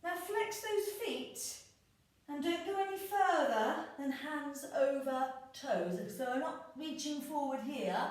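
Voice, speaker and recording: A woman leading a pilates class, calmly cueing breath, counting reps and encouraging her students. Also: sits high, far from the mic. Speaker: pilates instructor. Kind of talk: guided exercise class instruction. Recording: echoey room, voice a bit off-mic.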